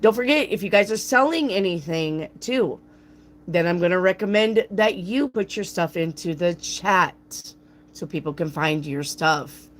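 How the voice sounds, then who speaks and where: A woman with a gruff, raspy voice, hosting a live tarot reading and chatting playfully with viewers by name. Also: fairly low pitch, a little slow, a little hiss or hum. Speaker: tarot reader, channel host. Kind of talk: live-stream tarot reading, answering chat.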